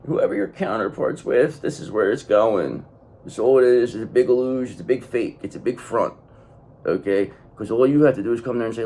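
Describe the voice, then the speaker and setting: Gravelly, profane male tarot reader. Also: medium pitch, animated, fairly quick, warm tone, slight background noise. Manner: blunt and profane, repeating phrases for emphasis. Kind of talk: tarot reading monologue.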